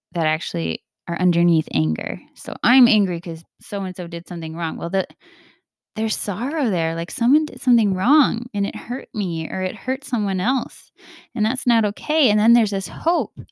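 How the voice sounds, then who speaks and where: In a relaxed, heartfelt podcast monologue, this woman confides in her listeners and performs the voices of the people she quotes. Her voice is smooth and medium in pitch, recorded at studio quality with no echo.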